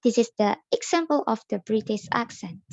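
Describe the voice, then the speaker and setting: A young woman student reading an educational narration slowly and carefully. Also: on the high side, animated, gravelly, darkish tone, no room sound, muffled recording. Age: young adult. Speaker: student presenter. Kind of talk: read-aloud educational narration.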